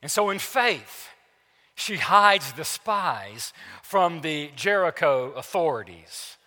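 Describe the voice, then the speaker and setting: A male pastor preaching a sermon in a church, emphatic, repeating key phrases and swinging between loud declarations and hushed asides. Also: a little high, very animated, slow pace, in a large hall. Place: church sanctuary.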